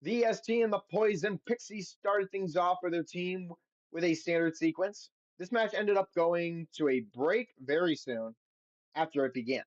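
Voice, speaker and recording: A man's voice: sits high, normal speed, no echo, muffled recording. A man hosting a podcast on his own, reading results aloud and then giving blunt, profane opinions in a casual recap. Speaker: podcast host.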